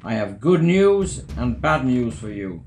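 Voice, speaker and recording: A man's voice: mid-range voice, very animated, unhurried, a little mellow, echoey room, faint music behind. A man voicing a commanding male pirate captain in a storybook reading, speaking in a declamatory way. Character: gruff male pirate captain turned honest.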